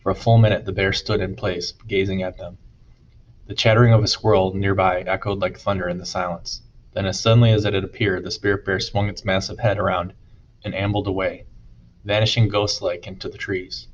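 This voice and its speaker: A man narrating an audiobook chapter in a steady storytelling manner. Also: sits low, fairly quick, highs cut off, slight background noise. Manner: steady storytelling, voices dialogue. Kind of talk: scripted narration.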